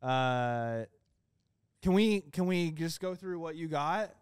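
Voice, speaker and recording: A man's voice: on the high side, lively intonation, smooth, dry recording, clean studio sound. A man co-hosting a comedy podcast, teasing and riffing in casual banter. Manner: joking, teasing, fast riffing. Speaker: podcast co-host.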